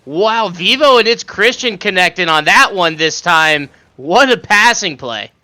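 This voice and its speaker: A man's voice: sits high, expressive, unhurried, pushed and bright. A man doing color commentary on an esports match, cracking puns and laughing often.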